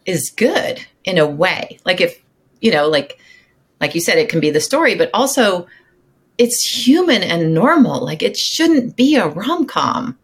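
A woman on a podcast as a relationship coach, her voice slightly low for a woman. She hands out advice in an upbeat way and speeds up whenever she makes a point. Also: big pitch swings, unhurried, breathy edge. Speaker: intimacy coach, guest. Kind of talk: casual conversational interview.

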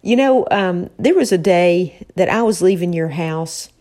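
A woman co-hosts a casual chat from an office, her voice sitting a little low. She talks with affection and emotion and slips in gentle teasing. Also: expressive, a little slow. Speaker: podcast co-host.

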